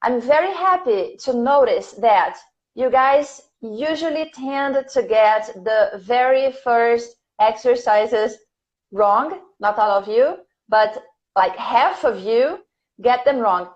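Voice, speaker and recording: A woman teaching a live online English lesson, patiently repeating each question slowly for her learners, a native Portuguese speaker. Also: a little high, lively intonation. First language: Brazilian Portuguese. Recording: dull lo-fi stream audio.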